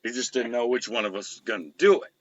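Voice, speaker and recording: A man's voice: medium pitch, fast talker, muffled recording. A man hosting a talk show, telling rambling stories in casual chat and swearing constantly. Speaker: show host.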